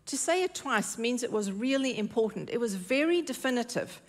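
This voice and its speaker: A woman's voice: fairly high pitch, animated, normal speed. A woman preaching a sermon in church, earnest and emphatic, repeating her key phrases.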